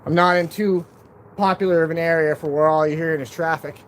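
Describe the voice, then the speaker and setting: Guy with a high voice chatting on a stream out on his deck, joking around, kinda breathless, wind and birds noisy behind him. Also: steady tone, brisk, fairly bright tone. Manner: chatty, joking, self-deprecating. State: out of breath at times. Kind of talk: casual live-stream chat. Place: outdoors on a backyard deck. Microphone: camera on a stand. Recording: outdoor noise behind the voice.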